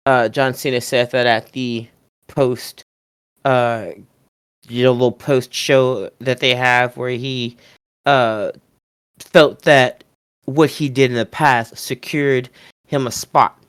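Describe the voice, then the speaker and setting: A man hosting a podcast, chatting casually in an animated way, swearing freely and often laughing. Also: medium pitch, takes it slowly, pauses often, smooth, no echo, studio quality. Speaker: podcast host. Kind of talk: casual wrestling review chat.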